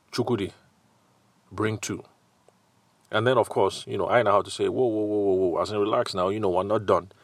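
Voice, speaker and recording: A man's voice: low voice, no echo. A man with a Nigerian accent hosting a solo sales podcast, talking conversationally and acting out quoted customers and salespeople. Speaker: podcast host and sales consultant.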